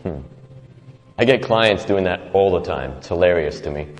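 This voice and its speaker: A man's voice: deep voice, moderate pace, long reverb tail, soft background music. A man giving an inspirational talk, telling stories and acting out quoted voices with little laughs. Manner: reflective, storytelling, acts out quoted voices with laughs. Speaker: motivational speaker.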